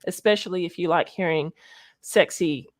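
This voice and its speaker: Chatting about science on her livestream, a young Australian-accented streamer rambles with plenty of fillers, her fairly low voice at a moderate pace.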